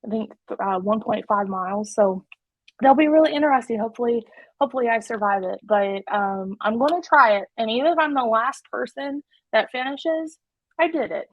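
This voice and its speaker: Speaking briskly in a voice on the high side, a webinar presenter shares a personal, heartfelt talk with her online audience and frequently restarts her thoughts. The recording is muffled web call audio, dry and without room sound.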